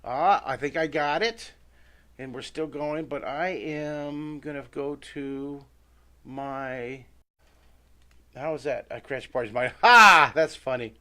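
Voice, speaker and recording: A man's voice: medium pitch, steady tone, takes it slowly. A middle-aged man leading a live drawing lesson, chatting to viewers and talking himself through each sketch. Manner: chatty, talks to himself while sketching, greets viewers by name. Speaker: drawing teacher.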